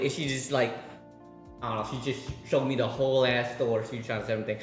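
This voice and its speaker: A man's voice: mid-range voice, fast, fairly bright tone. A man streaming and chatting casually, rambling, swearing and laughing as he tells stories. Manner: rambling, profane, laughing storyteller. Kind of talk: casual livestream chat. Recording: roomy room with faint music.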